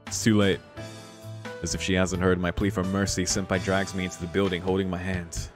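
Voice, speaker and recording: A man's voice: sits low, fairly even intonation, brisk. A man reading a visual novel aloud, breaking off into swearing, laughing commentary between the lines. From United States. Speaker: visual novel let's player. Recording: music playing behind the voice.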